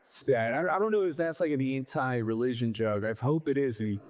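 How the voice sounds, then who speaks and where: A man's voice: medium pitch, moderate pace, darkish tone. Rambling young stand-up comic, man. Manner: rambling, full of fillers and self-deprecating asides. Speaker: stand-up comedian. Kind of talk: stand-up set.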